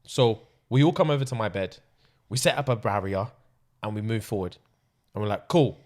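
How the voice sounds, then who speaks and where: A man, hosting a podcast and telling an animated story, laughing often and acting out what others said. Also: lowish voice, normal speed. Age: 20s. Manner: excitable, laughing often, acts out quotes. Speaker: podcast host.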